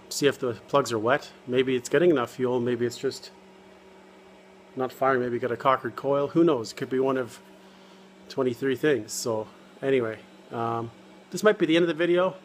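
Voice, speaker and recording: Guy tinkering on his old car in the garage, cracking jokes at himself, bit of noise behind. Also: mid-range voice. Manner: jokey, self-deprecating, talks while working. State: out of breath. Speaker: car hobbyist vlogger. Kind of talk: casual garage vlog. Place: home garage and driveway.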